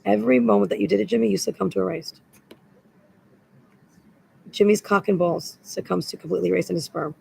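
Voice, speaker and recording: Gravelly, agitated woman rambling. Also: mid-range voice, fairly even intonation, brisk, long pauses, a little mellow, a little hiss or hum, rough recording. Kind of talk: rambling spoken monologue.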